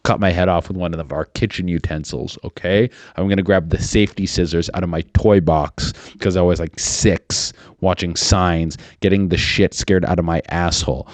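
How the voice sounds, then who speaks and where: A man's voice: low-pitched, fairly even intonation, normal speed, hardly any pauses, no echo. A man in his thirties hosting a podcast, rambling crudely and profanely with lots of fillers and restarts. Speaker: podcast host. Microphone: studio microphone.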